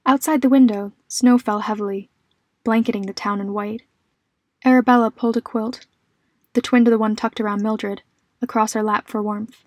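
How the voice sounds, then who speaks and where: A woman with a fairly high voice reads a horror short story in a calm, measured way. The recording is dry and close, with no room echo. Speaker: narrator. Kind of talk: scripted horror story narration.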